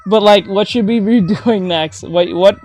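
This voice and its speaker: A woman art teacher chatting casually on a livestream while drawing, gushing with thanks and breaking into excited shouts. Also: medium pitch, unhurried. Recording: faint music behind.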